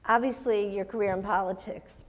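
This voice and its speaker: A woman's voice: mid-range voice, fairly even intonation, moderate pace. A woman rabbi interviewing an author in front of an audience, asking thoughtful questions with hesitant ums. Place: synagogue hall before an audience. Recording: long reverb of a hall.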